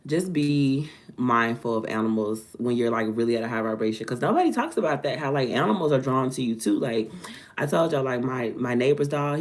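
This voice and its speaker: Low-voiced woman telling an animated story. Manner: animated, dramatic retelling with acted-out quotes. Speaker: vlogger. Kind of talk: casual storytelling to viewers.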